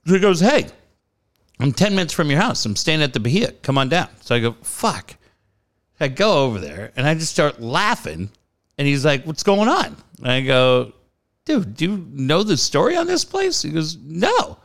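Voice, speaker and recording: A man in his late forties from the San Diego area spins a story in a casual chat, his voice riding up and down across a lively range. He swears freely and throws himself into the quoted voices, and his talk sits a little higher than most men's. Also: normal speed. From San Diego area, California.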